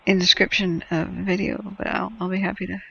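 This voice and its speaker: A woman's voice: lowish voice, flat delivery, a little fast, creaky, lo-fi sound, background noise. A woman hosting a wildfire-tracking livestream, chatting playfully and joking about bird cams. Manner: playful, narrates bird cams with jokes and laughter. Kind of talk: casual livestream chat.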